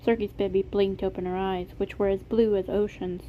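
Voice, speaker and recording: A woman reading her fan fiction story aloud in a steady, plain narration, recorded on a phone. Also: medium pitch, brisk, narrow, tinny audio, slight background noise.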